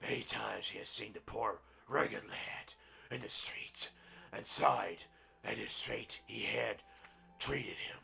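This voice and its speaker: A man's voice: on the low side, slow pace, vocal fry, pushed and bright. A man reading a book aloud in a game roleplay, breaking off into crude, profane, mocking asides. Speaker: gaming roleplay streamer.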